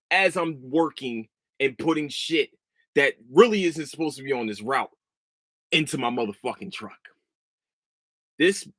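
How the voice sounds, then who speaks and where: A man's voice: on the high side, fairly bright tone, dry recording, studio quality. A man in his thirties hosting a podcast, telling a story as a profane, heated rant. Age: 30s. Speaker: podcast host. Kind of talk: casual chat.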